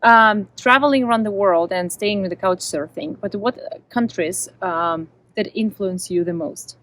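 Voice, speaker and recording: A woman's voice: mid-range voice, normal speed, a bit bright, low-quality recording. A woman interviewing a guest, asking curious questions in a casual, friendly conversation. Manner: curious, asks questions with light laughter.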